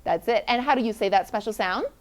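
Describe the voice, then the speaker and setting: A woman teacher leading a classroom phonics lesson, encouraging children and sounding out letters slowly. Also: medium pitch, a little hiss or hum.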